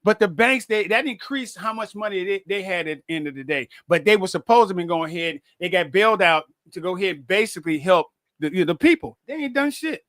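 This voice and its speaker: A man's voice: high voice, fast talker, hardly any pauses, no echo, studio quality. A man talking casually and bluntly, stammering and repeating himself often, with frequent swearing. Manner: stammering, profane, animated. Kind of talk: casual conversation.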